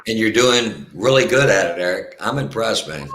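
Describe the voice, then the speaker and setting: A man's voice: fairly low pitch, expressive, moderate pace, a bit bright. A man joining a live stream chat as a guest, friendly, calling people buddy and brother. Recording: echoey room with faint noise.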